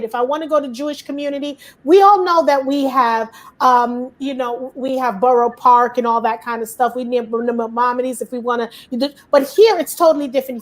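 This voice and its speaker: High-voiced chatty woman from Brooklyn. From Brooklyn, New York. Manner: animated, chatty, acts out quoted dialogue. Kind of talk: casual panel discussion.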